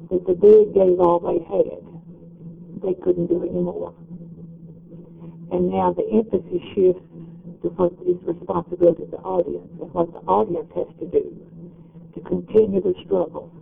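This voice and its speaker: A man giving an explanatory lecture in a measured, step-by-step way. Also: sits high, creaky, husky, narrow, tinny audio.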